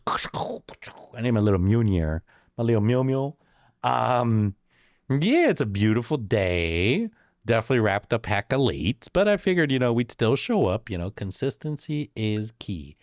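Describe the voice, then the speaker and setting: A man's voice: lowish voice, sing-song, normal speed, no room sound, studio quality. A young man streaming live, chatting casually with a jokey, slangy banter style. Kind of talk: casual stream chat reacting to chat.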